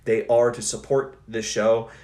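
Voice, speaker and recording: A man's voice: mid-range voice, level tone, unhurried, a little mellow. A young man hosting a live stream, talking casually and loosely with lots of fillers and restarts. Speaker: host.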